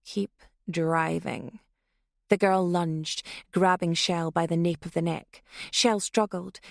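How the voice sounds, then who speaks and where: A woman narrates a thriller audiobook in a steady, even reading voice. Her tone carries a gravelly rasp, and the recording is close and dry with no room sound. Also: medium pitch, no room sound. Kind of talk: scripted narration.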